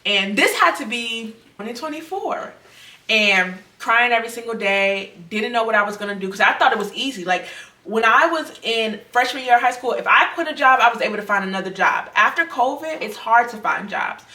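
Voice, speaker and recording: A woman's voice: on the high side, expressive, a little fast, bright, forceful tone. A young woman earnestly sharing a personal faith testimony in a conversational, repetitive way. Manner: earnest, conversational, repeats herself. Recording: roomy sound, mic at a distance.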